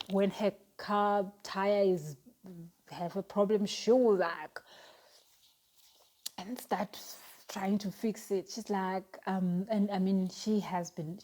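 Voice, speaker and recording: A young woman gives a motivational talk as a life coach, earnest and chatty. Her voice sits at an ordinary pitch with a mellow, unforced tone. She often restarts her sentences and fills pauses as she talks.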